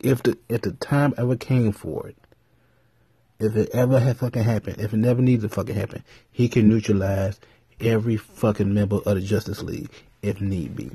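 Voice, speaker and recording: A man talking casually on his vlog, rambling and cursing freely as he tells stories. His voice is husky and mellow, at a middle pitch. The recording is dry, with no room sound. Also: brisk, no echo. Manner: rambling, profane, animated storytelling. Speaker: vlogger. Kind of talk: casual commentary.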